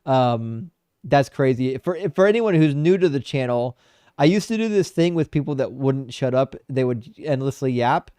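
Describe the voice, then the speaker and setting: A man hosting a debate livestream, reading out super chats in blunt, profane, animated casual talk. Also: mid-range voice, moderate pace, clear, resonant tone, dry recording, studio quality. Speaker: debate show host.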